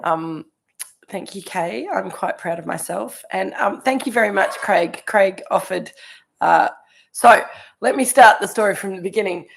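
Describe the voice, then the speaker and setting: A woman's voice: medium pitch, measured pace, gravelly, breathy edge. A middle-aged Australian woman hosting a live online wine tasting, telling a long story in a chatty way, a bit sniffly and losing her voice. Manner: chatty storyteller, warm greetings to viewers by name. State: sniffly, voice going hoarse. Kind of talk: casual live-stream chat.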